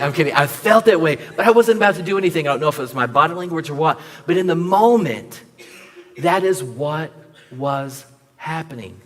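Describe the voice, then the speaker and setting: A young man preaching a sermon as the pastor, telling a personal story in a lively way, acting out both sides of a conversation and joking with the congregation. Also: fairly high pitch, fairly quick, long reverb tail. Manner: animated storyteller acting out dialogue, jokes with the audience. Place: church sanctuary.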